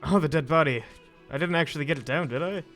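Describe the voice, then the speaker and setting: A man's voice: on the high side, fast, fairly bright tone, soft background music. A man voicing a confused, blunt male detective as the player character in a video game. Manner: bewildered, blunt questions.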